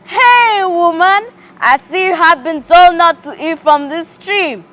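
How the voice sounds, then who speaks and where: A woman's voice: very high-pitched, slow pace, fairly bright tone, slight background noise, pitched above the performer's own voice, exaggerated voice. A woman voicing a sly, tempting male serpent in a children's story, speaking in a coaxing, whispery way.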